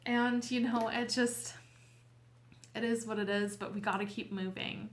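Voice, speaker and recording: A woman host talking casually and heartfelt to her viewers, tearful and earnest, with a halting way of speaking. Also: on the high side, steady tone. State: weepy, tearful. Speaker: tarot reader and channel host. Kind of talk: casual heartfelt talk to camera.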